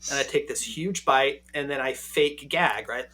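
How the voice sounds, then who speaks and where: A man in his forties telling a personal story as a podcast guest, animated and checking in with "right?" at the end of his sentences. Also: mid-range voice, unhurried.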